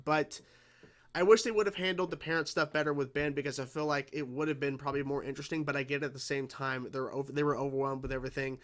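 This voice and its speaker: A man's voice: medium pitch, steady tone, quick pace, fairly bright tone. A man giving casual reaction commentary on a cartoon episode, rambling and profane, laughing often and restarting sentences. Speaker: reaction video host.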